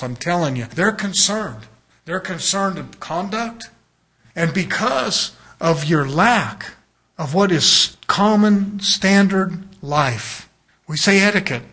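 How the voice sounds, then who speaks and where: A man's voice: high-pitched, fairly bright tone. A man preaching a sermon as a pastor, in a conversational way, often acting out the voices of people he quotes.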